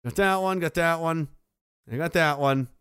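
A man's voice: fairly high pitch, normal speed, fairly bright tone, smooth, no echo, studio quality. Sarcastic man chatting on a stream. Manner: sarcastic, rambling, many fillers. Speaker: streamer reading chat. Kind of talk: casual livestream chat.

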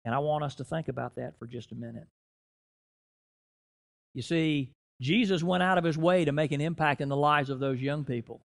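A middle-aged man preaching a sermon in a church, rising and dropping in loudness and slowing down to stress key phrases. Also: on the high side, gravelly. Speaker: guest preacher.

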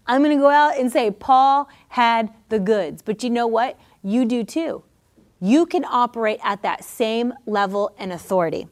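A woman hosting a podcast sermon, teaching from scripture in an energetic, exhorting way and laughing often. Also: fairly high pitch, measured pace. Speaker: Bible teacher and podcast host.

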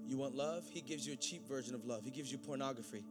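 A man preaching a sermon, swinging from loud, excited preaching to quiet, intense talk. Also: medium pitch, fast, music in the background.

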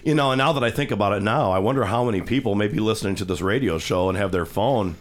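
Rambling male radio host, low voice. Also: fast talker, a loud crowd. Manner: rambling storyteller, acts out quoted voices. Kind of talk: casual studio chat, retelling a TV scene. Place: radio studio. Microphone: studio microphone.

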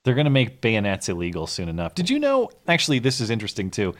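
A man's voice: medium pitch, huge pitch swings, fast talker. A man co-hosting a live call-in show, chatting wryly with callers and his co-host. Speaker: podcast co-host. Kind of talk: casual call-in show chat.

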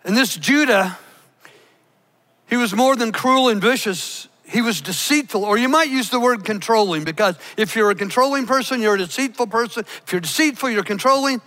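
A man preaching a sermon, emphatic, slowing down to stress key words. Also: very high-pitched, animated, pushed and bright. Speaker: pastor. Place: church.

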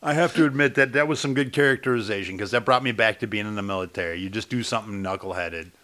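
Man, bright forceful voice, blunt, grumbling, casual movie review chat. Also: on the low side, fast. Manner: blunt and grumbling, swears freely. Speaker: podcast co-host.

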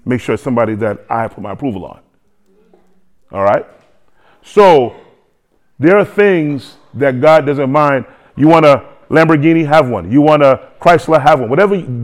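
A man preaching a sermon to a congregation, lively, with joking asides and repeated phrases. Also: medium pitch. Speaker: pastor.

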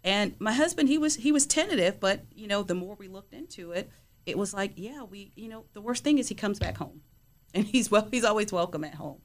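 A woman's voice: mid-range voice, lively intonation, brisk. A middle-aged woman telling stories about her son in a casual podcast chat, with lots of "you know" fillers. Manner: warm storytelling, frequent "you know" fillers. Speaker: guest, player's mother.

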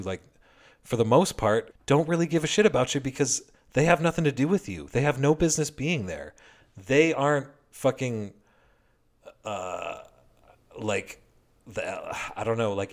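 A man giving a heated, heavily profane and sarcastic political commentary rant. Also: on the low side.

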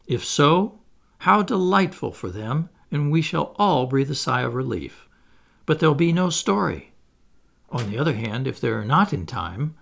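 A man reading a children's story aloud as narrator, in an expressive, playful way. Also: medium pitch, creaky. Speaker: audiobook reader.

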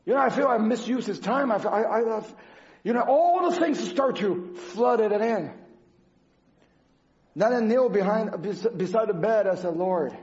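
High-voiced man giving a halting testimony. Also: expressive, darkish tone. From Canada. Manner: earnest, halting, non-native phrasing with restarts. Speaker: church speaker. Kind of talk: personal testimony sermon. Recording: dull lo-fi sound.

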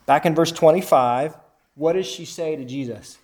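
A man's voice: a little high, normal speed, a little mellow. A man teaching a Bible lesson to a group, reading scripture aloud and asking the listeners questions. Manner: asks the group questions and repeats their answers.

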